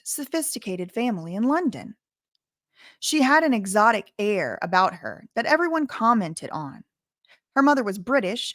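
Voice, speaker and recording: A woman's voice: mid-range voice, fairly bright tone, dry recording. Chatty woman reading aloud, dry close sound. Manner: reads passages then breaks off into chatty asides. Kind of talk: reading a memoir aloud with casual commentary.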